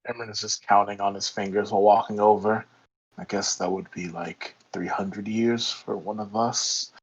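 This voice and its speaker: Quiet male player on a dull mic. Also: lowish voice, flat delivery, moderate pace, husky. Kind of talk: casual tabletop game talk.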